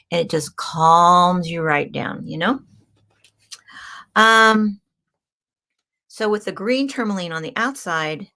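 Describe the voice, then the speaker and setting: Woman, show host, casual rambling talk, frequent laughs, fry in her voice. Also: on the low side, a bit bright. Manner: rambling, chatty, laughs often; frequent ums and restarts. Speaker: crystal healing show host. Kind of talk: casual live-stream talk.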